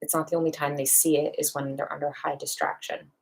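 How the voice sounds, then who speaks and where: A woman with a low voice talks through dog training in a live question-and-answer session. She explains practical steps one by one and briefly acts out little exchanges as she goes. Her delivery is plain and instructive. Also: flat delivery, vocal fry. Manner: practical, explains step by step with quick acted-out asides. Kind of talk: live online Q&A lesson.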